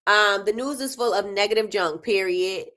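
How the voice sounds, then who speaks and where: Animated, bright-voiced woman host. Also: medium pitch, moderate pace. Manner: animated, laughs often, talks straight to viewers. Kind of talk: casual livestream chat.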